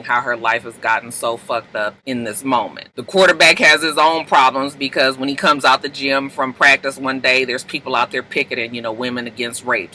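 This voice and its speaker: A man's voice: medium pitch, bright, forceful tone, slight background noise, low-quality recording. A man casually recapping TV episodes, telling the story with lots of slang and swearing and acting out the characters' lines. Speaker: TV recap host.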